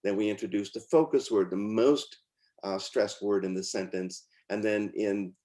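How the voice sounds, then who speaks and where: Low-voiced man demonstrating pronunciation software. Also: steady tone, moderate pace. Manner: informal, with fillers and restarts. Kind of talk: screen-share walkthrough.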